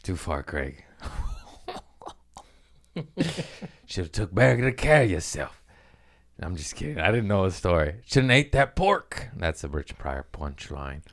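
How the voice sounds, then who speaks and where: A young man riffing through a comedic monologue in a loose, casual way. His pitch swings widely as he slips in and out of loud, jokey voices for the people in his stories. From Mexican-American family. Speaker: comedian podcast host.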